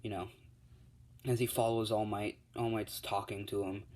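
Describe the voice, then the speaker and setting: Man, casual storyteller, rambling, filler-heavy, slightly low voice. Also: level tone, moderate pace, a little mellow, low-quality recording.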